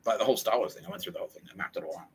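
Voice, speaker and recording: A man's voice: fairly low pitch, racing, noisy background. A man hosting a comedy podcast, rambling through a jokey monologue and swearing heavily. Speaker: podcast host.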